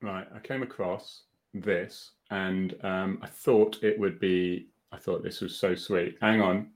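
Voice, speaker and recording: Bloke co-hosting a live chat, lowish voice, jokey and a bit flustered. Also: male voice, fairly even intonation, slow pace. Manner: chatty, joking, easily flustered by tech. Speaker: co-host of a live online chat. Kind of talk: casual live-stream chat.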